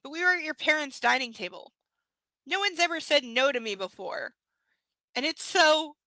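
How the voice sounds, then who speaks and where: A woman's voice: sits high, lively intonation, normal speed, pushed and bright, no echo, rough recording. A woman reading a novel aloud live, breaking off for sarcastic asides and casual swearing. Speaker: book reader.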